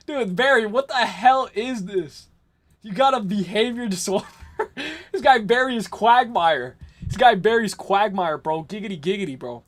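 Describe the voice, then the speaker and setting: A young man from the New York area hosts a late-night livestream in a high-pitched, expressive voice, taking his time. He rambles casually, responds to chat messages and laughs often.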